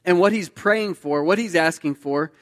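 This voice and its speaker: Preacher, male, slightly high voice, reads scripture then comments casually, hall reverb. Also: normal speed. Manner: reads aloud then explains conversationally. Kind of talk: sermon reading scripture with commentary.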